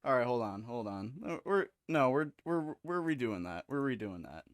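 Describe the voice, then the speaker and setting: A man's voice: mid-range voice, sing-song, normal speed, no echo. A young man hosting a live stream, chatting casually in a rambling, crude and slangy way. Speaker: streamer host.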